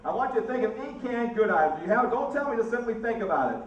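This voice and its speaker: A man's voice: extremely high pitch, expressive, fast, highs cut off. A man hosting a comedy mind-reading stage show, joking with audience members in an upbeat manner. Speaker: comedy mentalist host. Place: theater stage with live audience. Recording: roomy stage sound from a distance.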